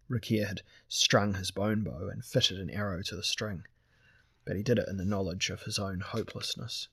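A man narrating a fantasy audiobook in a steady, measured way. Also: low voice, vocal fry, slightly rough, no echo.

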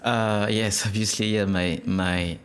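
Man, French accent, native French speaker, halting English, lowish voice, casual interview. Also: fairly even intonation, smooth. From France. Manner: halting, searching for words. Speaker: guest, dance instructor.

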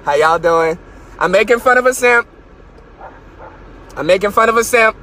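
A man hosting a live stream, ranting in a profane, mocking way from his car and sometimes breaking into shouts. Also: very high voice, normal speed, slight background noise. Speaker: podcast host.

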